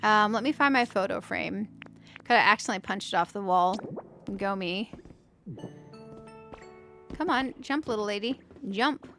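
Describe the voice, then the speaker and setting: A woman's voice: medium pitch, expressive, normal speed, pauses often, fairly bright tone, soft background music. A woman hosting a casual let's-play, chatting to her viewers as she builds and thinking aloud in a playful, self-mocking way. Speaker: gaming channel host.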